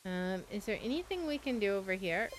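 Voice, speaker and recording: A woman's voice: mid-range voice, expressive, fairly quick, soft background music. A woman streaming a video game, thinking aloud in a casual, tentative way as she plays.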